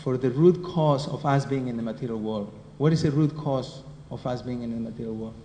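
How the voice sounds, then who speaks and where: A man's voice: mid-range voice, a little fast, mellow, highs cut off. A man with a Spanish accent giving a devotional class lecture, talking conversationally and often putting questions to his listeners. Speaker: scripture class teacher. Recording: roomy hall echo with faint noise.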